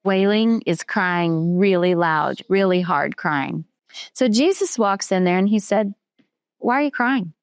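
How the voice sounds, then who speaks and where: A woman's voice: fairly low pitch, clean tone, dry recording. Lady teaching a kids bible lesson, asks lots of questions, dry close mic. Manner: patient, questioning, slows down for emphasis.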